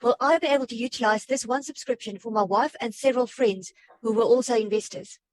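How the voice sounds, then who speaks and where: A woman's voice: on the high side, fairly quick, poor audio. A woman on a webinar reading out audience questions and adding her own remarks, with small stumbles. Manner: plain, reads questions aloud with small stumbles. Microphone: video call.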